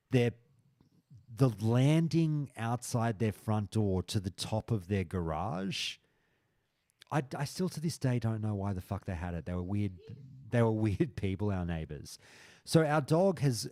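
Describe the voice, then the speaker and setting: A man with a fairly low voice hosts a stream and chats with his viewers. He tells animated stories and swears freely. The recording is dry and close. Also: no echo. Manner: frequent swearing, animated storytelling. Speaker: stream host. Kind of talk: casual chat with live chat.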